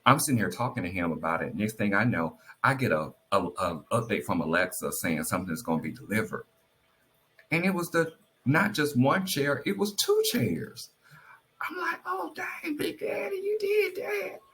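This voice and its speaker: Low-voiced man giving earnest marriage advice. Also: normal speed. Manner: animated storyteller, acts out quotes in a high voice; earnest, encouraging. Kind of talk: casual heartfelt advice talk.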